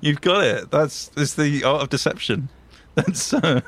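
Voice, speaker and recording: Deadpan stammering British co-host. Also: male voice, fairly high pitch, measured pace. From England. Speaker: comedy podcast co-host. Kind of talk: improvised comedy sketch.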